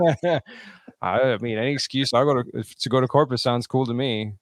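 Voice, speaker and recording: A man co-hosting a podcast in casual chat, talking haltingly with many restarts and short agreements. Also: medium pitch, steady tone, no echo. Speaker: podcast co-host.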